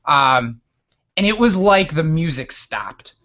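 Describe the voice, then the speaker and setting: A man in his thirties from upstate New York, telling a story as a guest in a casual interview, animated and often restarting his words. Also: fairly high pitch, slow, highs cut off, background noise. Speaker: guest author.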